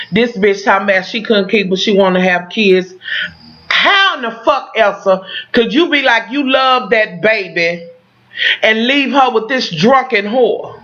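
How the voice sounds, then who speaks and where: Woman vlogger doing a profane tv recap, bright voice, slightly muffled lo-fi audio, keeps talking to y'all. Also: mid-range voice. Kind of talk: casual profane reaction recap.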